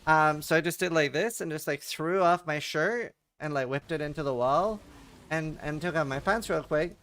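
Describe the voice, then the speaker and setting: A man with a somewhat high-pitched voice chats on his livestream into a desk mic. He tells rambling anecdotes full of fillers and casual swearing, and laughs along at his own stories. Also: moderate pace, a bit bright, a little hiss or hum. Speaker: livestream host. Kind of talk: casual storytelling chat.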